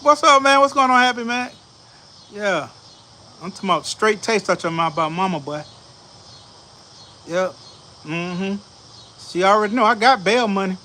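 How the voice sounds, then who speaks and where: A man with a high, bright voice tells stories on a back porch in a loose, animated way, laughing as he talks. Crickets and insects chirp faintly behind him. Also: moderate pace, pauses often, slight background noise. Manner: animated, laughing, slangy storytelling. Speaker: show host. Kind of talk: casual storytelling chat.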